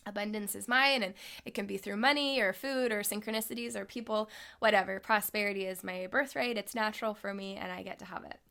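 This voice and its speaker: A young adult woman speaks straight to camera in a casual, chatty way. She sounds upbeat and keeps checking in with her listener as she goes. Her pitch sits in the middle range for a woman. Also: a little fast, creaky, fairly bright tone. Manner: chatty, upbeat, lots of "like" and "right?". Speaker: spiritual coach. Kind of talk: casual talking-head vlog.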